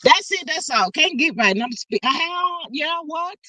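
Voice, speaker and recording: A woman hosting a casual live stream, greeting viewers and reading out their comments in an animated, slangy way. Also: high-pitched, measured pace, no room sound. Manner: chatty, animated, Southern-style slang.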